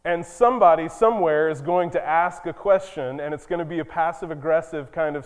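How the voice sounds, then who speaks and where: A man's voice: on the high side, moderate pace, few pauses. A male pastor preaching a sermon in a conversational, storytelling way with emphatic moments. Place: church sanctuary. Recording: long reverb in a church.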